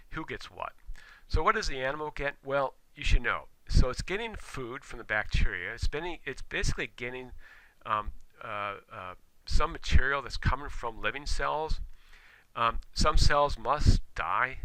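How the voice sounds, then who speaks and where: Bright-voiced lecturer, halting with fillers. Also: male voice, lowish voice, no echo, rough recording. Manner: halting, many fillers and restarts. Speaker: university lecturer. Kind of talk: recorded lecture.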